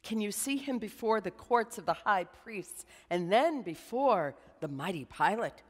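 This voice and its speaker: A woman preaching a sermon as a slow, dramatic guided meditation, dropping to a hush at times. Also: medium pitch, lively intonation, in a large hall. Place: church.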